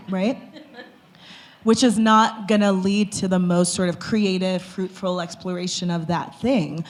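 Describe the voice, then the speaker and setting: A woman's voice: medium pitch, fairly even intonation, normal speed, darkish tone. A woman speaking as a panelist in a casual discussion, chatty and loose with lots of filler words. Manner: conversational, many fillers like "like" and "you know".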